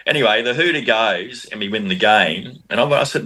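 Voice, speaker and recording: An Australian man with a fairly low voice, talking casually as a podcast guest. He tells lively anecdotes in a loose, conversational way, often restarting his sentences. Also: a little fast, few pauses, husky. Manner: animated anecdotes, frequent restarts. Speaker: podcast guest, former rugby league player. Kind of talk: casual storytelling.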